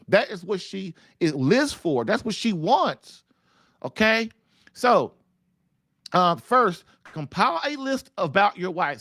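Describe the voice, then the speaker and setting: A middle-aged man runs a casual call-in marriage show, talking to men in loose slang. His voice sits high and jumps all over with emphasis. The sound is dry and close, with no room around it. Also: no room sound. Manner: animated, repetitive, colloquial, addresses listeners as man and dude. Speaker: podcast host giving marriage advice. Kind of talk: live-stream talk, casual preaching to men.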